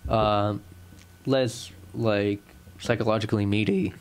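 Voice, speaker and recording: A man's voice: fairly low pitch, fairly even intonation, slow pace, clear, resonant tone. Rambling young man with a Boston accent. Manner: rambling, many fillers and restarts, laughs often. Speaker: podcast co-host. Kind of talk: casual podcast banter.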